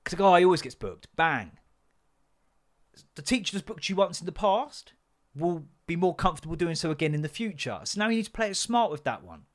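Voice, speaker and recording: A man hosts his own podcast as a fed-up father. His voice sits a little above the usual male pitch. He talks bluntly, swears freely and pushes every point hard. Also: big pitch swings, a little fast. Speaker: podcast host. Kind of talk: comedic parenting rant.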